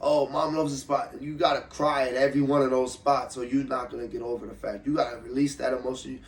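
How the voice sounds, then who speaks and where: A young man from Ohio, an MMA fighter, telling his story in a loose, profane, animated way during a casual interview. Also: medium pitch, fast, echoey room. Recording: slightly distant mic with faint room noise.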